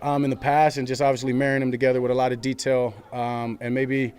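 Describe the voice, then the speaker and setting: A man answering questions at a press conference in a measured way, with frequent ums. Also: mid-range voice, flat delivery, a little mellow.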